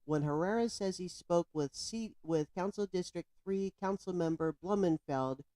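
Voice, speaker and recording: A woman's voice: lowish voice, moderate pace, mellow, no room sound. A woman giving indignant, emphatic commentary on a news story, speaking straight to the viewer. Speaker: political commentator.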